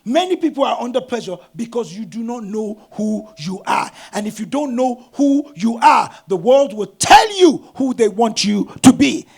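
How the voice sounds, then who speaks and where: A middle-aged man, a pastor, preaching a sermon with animated storytelling and bursts of shouting. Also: very high-pitched, moderate pace, gravelly, hardly any pauses, husky.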